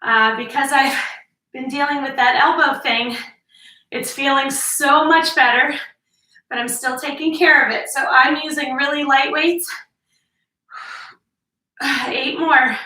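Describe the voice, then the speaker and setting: A woman's voice: high voice, steady tone, measured pace, long pauses, bright, forceful tone. A middle-aged woman, out of breath and sighing between sets, leading a workout and coaching the form while she counts reps. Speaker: fitness instructor. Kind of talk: workout instruction. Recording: echoey room, mic at a distance.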